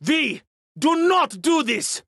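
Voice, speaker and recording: A male narrator voicing a big, strong man screams and snarls in a high, straining voice. It is raw, desperate and loud. The read is dry and close, an audiobook character voice. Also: big pitch swings, slow, gravelly, no room sound, exaggerated voice.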